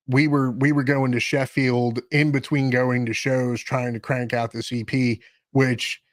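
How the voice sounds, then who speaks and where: A man's voice: medium pitch, no room sound. A man chatting as a guest in an interview, rambling with frequent restarts and self-corrections. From Maryland. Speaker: guest musician and podcast host. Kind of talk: casual interview talk.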